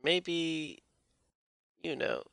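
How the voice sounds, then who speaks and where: A woman's voice: low-pitched, big pitch swings, extremely slow, creaky, fairly bright tone, no echo, studio quality. A woman co-hosting a podcast, chatting casually with playful, jokey asides. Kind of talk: casual chat.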